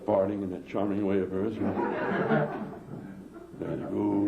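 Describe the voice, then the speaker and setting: A man's voice: fairly low pitch, level tone, measured pace, creaky, pauses often, background noise. A man doing stand-up, telling a long story loosely with lots of asides. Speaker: comedian. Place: small theatre stage. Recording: dull, echoey small theatre.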